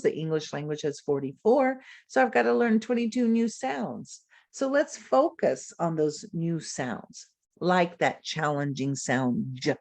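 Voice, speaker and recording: A woman literacy educator presenting a webinar lecture over a video call, modelling speech sounds aloud slowly and deliberately. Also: deep voice, no room sound.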